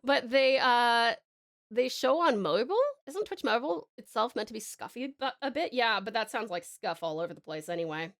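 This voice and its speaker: Lively high-voiced Australian woman streamer. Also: normal speed. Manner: chatty, reading chat aloud, laughs often. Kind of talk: casual live-stream chat.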